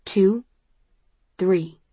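A woman voicing a calm, stern middle-aged father who speaks quietly and with restraint, in an audiobook. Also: medium pitch, extremely slow, husky, dry recording.

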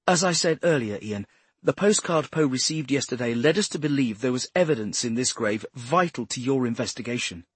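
A composed woman detective explains herself politely, as a male narrator voices her. The voice sits higher than his own and stays husky and dry. She keeps a measured, careful tone. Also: animated, no echo. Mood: placating. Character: composed female detective inspector, diplomatic.

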